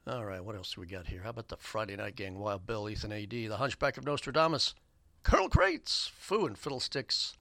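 Upbeat radio DJ man, bright dry voice. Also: on the low side, gravelly, dry recording. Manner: upbeat, rambling with many fillers. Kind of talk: radio shout-outs and announcements. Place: radio studio. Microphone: studio microphone.

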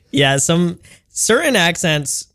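A man's voice: on the high side, big pitch swings, drawn-out words, pushed and bright, no echo, studio quality. A young man hosting a casual interview, eager and enthusiastic, who often repeats words and restarts his sentences. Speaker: podcast host.

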